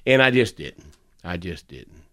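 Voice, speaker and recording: A man's voice: low-pitched, very animated, a little slow, bright, forceful tone. A middle-aged man, chatting casually on a podcast, repeating himself and laughing as he tells stories. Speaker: podcast host. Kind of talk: casual chat.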